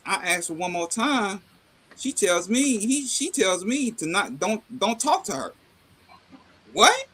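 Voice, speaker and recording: A middle-aged man chatting casually, telling a family story with lively acted-out dialogue and salty slang. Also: high-pitched. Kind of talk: casual chat.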